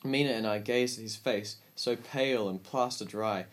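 A man reading a story aloud as an audiobook narrator, with calm, measured storytelling. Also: lowish voice.

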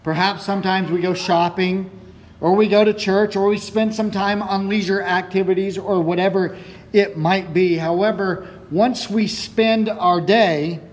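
A man's voice: sits high, steady tone, a little slow. A man preaching a sermon who reads scripture aloud, prays, then preaches. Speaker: pastor.

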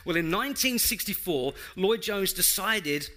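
A man delivering a sermon from the pulpit, his voice bright and ringing and pitched a little high. He speaks earnestly to the congregation, often asking them questions. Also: expressive, a little slow. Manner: earnest, addresses congregation directly, rhetorical questions. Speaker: preaching pastor. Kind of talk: sermon with scripture reading and prayer. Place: church.

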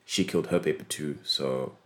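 A man's voice: extremely low pitch, moderate pace, fairly bright tone. A man co-hosting a podcast in casual chat, rambling and repeating words as he restarts his thoughts. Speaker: podcast co-host.

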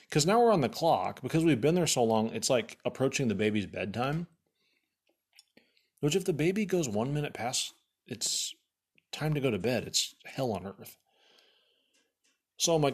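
A man's voice: mid-range voice, moderate pace. A man casually telling a rambling story, swearing freely and filling it with "like.". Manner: profane, rambling with many "like" fillers; animated, exasperated retelling.

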